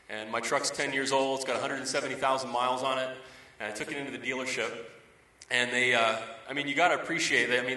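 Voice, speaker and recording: Pastor preaching in a roomy hall. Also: male voice, mid-range voice, sharp tone. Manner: conversational storytelling, emphatic repetition. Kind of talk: sermon. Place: church sanctuary. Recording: roomy, distant from the mic.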